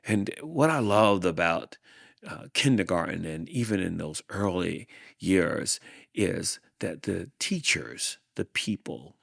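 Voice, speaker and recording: Slow, gravelly man reading a storybook. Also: sits low, no room sound, studio quality. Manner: slow, deliberate, expressive storytelling. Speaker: host reading a children's book.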